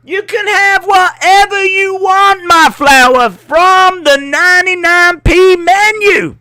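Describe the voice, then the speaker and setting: A man putting on an impression of a courtly old Southern gentleman who runs a chicken shop, in a drawling American Southern accent. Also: slow, dry recording, studio quality, exaggerated voice. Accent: American Southern, put on. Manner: drawling, sweet-talking, high-pitched.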